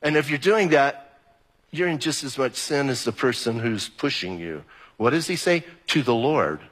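A man's voice: mid-range voice, lively intonation, normal speed, a bit bright, breathy edge. A man preaching a sermon as pastor, talking conversationally and repeating key phrases for emphasis. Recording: long hall reverb.

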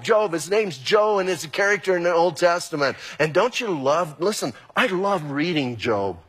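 A man preaching a sermon as pastor, animated and acting out quoted exchanges. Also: on the high side, slightly rough. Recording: long reverb of a hall.

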